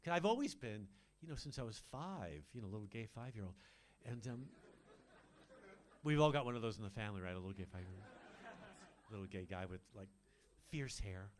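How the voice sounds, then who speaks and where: A man's voice: animated, brisk, pauses often, a little hiss or hum. An older man performing a camp, teasing stand-up comedy set on a club stage into a handheld mic. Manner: camp, teasing, swoops between mock-deep and high voices.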